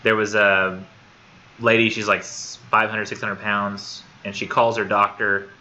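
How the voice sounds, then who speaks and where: Bright-voiced male instructor, lo-fi classroom. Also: fairly low pitch, level tone, a little slow. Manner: talkative, repeats words while thinking. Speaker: college literature instructor. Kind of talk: casual classroom discussion. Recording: dull lo-fi classroom recording with faint noise.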